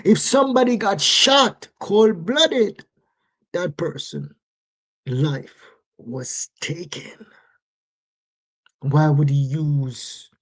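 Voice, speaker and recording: Slow, husky livestream commentator. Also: mid-range voice, darkish tone. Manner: rhetorical, repeatedly asks "right?" and "yes?".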